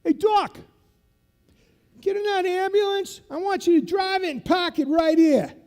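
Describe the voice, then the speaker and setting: A man doing a loud South Boston drill instructor. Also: very high-pitched, unhurried, pitched above the performer's own voice. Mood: barking. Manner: barking orders through a megaphone. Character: loud gruff male drill instructor barking orders. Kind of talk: storytelling impression in a keynote.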